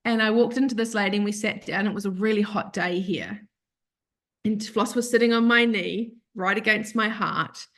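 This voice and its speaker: A woman's voice: mid-range voice, moderate pace, a bit bright. A woman, a podcast guest, telling a heartfelt personal story in a rambling, self-correcting way that turns tearful at times. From Australia.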